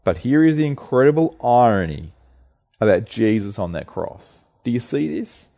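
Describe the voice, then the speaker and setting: A man's voice: mid-range voice, very animated, moderate pace, vocal fry, dark tone. A man preaching an earnest, emphatic sermon, asking his listeners rhetorical questions.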